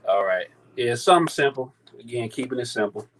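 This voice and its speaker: A man in his thirties from St. Louis, telling a sneaker story in a profane, animated, casual chat. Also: mid-range voice, a little fast, low-quality recording. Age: 30s. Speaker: sneaker battle contestant.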